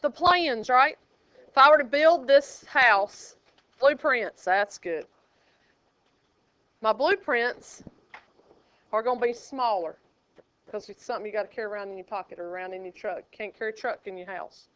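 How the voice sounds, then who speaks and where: A woman's voice: fairly high pitch, moderate pace, pauses often. A woman math teacher, teasing and joking with her students while working problems in a classroom. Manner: sassy, teasing and lively with students. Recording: dull lo-fi classroom recording.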